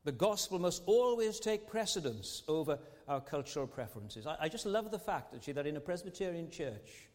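A pastor preaches a sermon in a large church sanctuary, his slightly high, darkish voice moving in a quick sing-song with barely a pause. He is earnest and keeps tossing in rhetorical tag questions, and the long reverb of the church hall trails after every line.

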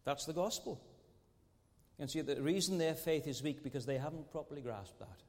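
Earnest preacher in an echoing church. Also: male voice, a little high, moderate pace. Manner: earnest, with frequent rhetorical tag questions. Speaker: pastor. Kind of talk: sermon. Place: large church sanctuary. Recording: long church hall reverb.

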